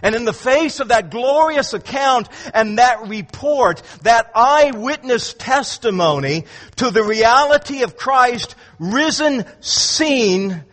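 A man with a high, fairly bright voice preaches an expository sermon in a large church, his words trailing off in a long hall reverb. He delivers it slowly with lively intonation and emphatic, dramatic swings in pitch and volume. He stumbles through repeated words as each thought begins.

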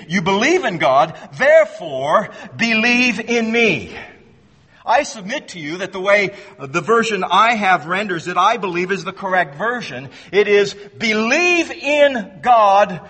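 High, bright-voiced preacher man in a hall. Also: husky. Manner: earnest, emphatic, repeats words as he restarts; slows down to stress key phrases. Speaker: pastor. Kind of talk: expository sermon. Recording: long hall reverb.

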